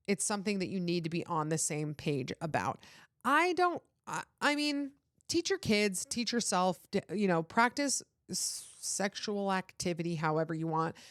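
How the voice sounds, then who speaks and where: A woman's voice: lowish voice, dry recording, clean studio sound. Earnest young woman podcast host. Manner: earnest, pleading, filler-heavy. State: runny nose. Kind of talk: casual advice chat.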